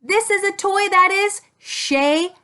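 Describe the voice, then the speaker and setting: A woman speech-language pathologist teaching young children a speech sound with toys, talking slowly and stretching her sounds. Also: very high-pitched, heavy background noise.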